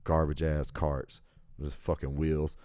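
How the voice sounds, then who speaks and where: Deep-voiced man ranting profanely. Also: flat delivery, slow, warm tone, no room sound, studio quality. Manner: profane, rambling rant. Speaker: podcast host. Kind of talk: casual solo monologue.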